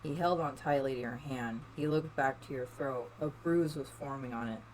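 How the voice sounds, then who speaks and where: A storyteller reading a second-person fan story aloud, soft-spoken, with small slips and restarts. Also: mid-range voice, normal speed, a little hiss or hum, poor audio. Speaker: fan fiction reader.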